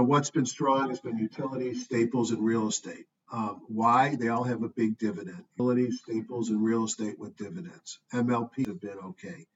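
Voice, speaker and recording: A man talking through stock charts in an offhand, thinking-aloud way, with frequent ums and asides. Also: mid-range voice. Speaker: stock market commentator. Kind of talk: casual screen-share market review. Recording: dull distant mic with faint noise.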